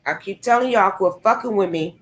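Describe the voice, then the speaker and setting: A woman's voice: medium pitch, brisk. A young woman vlogging a confrontational, profane rant, taunting and cursing at someone she calls out. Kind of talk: angry profane rant to camera.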